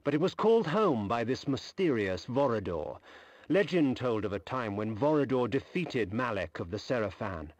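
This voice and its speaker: A man voicing a grim, proud vampire antihero who narrates the game in a solemn, dark tone. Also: medium pitch, big pitch swings, normal speed, no room sound.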